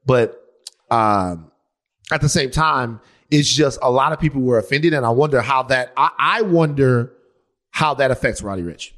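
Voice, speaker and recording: A man co-hosting a podcast in a casual, jokey debate, talking with quick, animated asides. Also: medium pitch. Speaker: podcast co-host.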